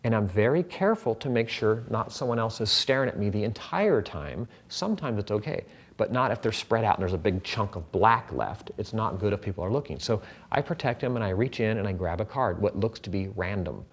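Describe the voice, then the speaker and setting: A man's voice: fairly low pitch, lively intonation, brisk. Chatty man explaining a card trick. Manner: chatty, explains while handling cards. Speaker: magician teaching a card trick. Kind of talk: casual demonstration tutorial.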